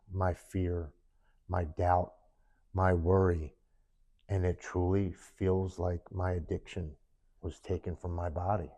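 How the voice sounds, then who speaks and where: A man's voice: deep voice, warm tone. A man as a podcast guest, earnestly telling his own story in the present tense, sitting in person with the hosts. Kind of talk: personal recovery story in a sit-down interview.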